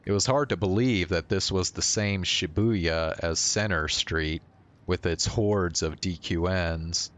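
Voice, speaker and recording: A man's voice: deep voice, a little slow, fairly bright tone. A male streamer reading a visual novel aloud and breaking off now and then for offhand remarks and chuckles.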